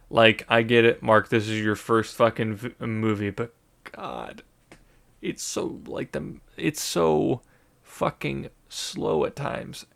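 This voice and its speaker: Gravelly man rambling through a casual review. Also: medium pitch, fairly bright tone. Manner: rambling, many fillers and restarts, swears freely. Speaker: movie reviewer.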